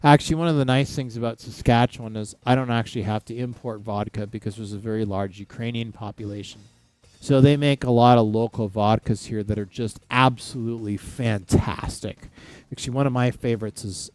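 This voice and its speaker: A man's voice: lowish voice, fairly even intonation, fairly quick, a little mellow, no room sound. A man hosting a casual livestream, chatting loosely with viewers and rambling with frequent restarts. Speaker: livestream host. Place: home in Saskatchewan.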